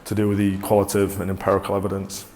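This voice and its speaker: A man presenting a motivational talk to a live audience, energetic and coaxing, often restarting mid-sentence. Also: low voice, racing. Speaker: corporate presenter.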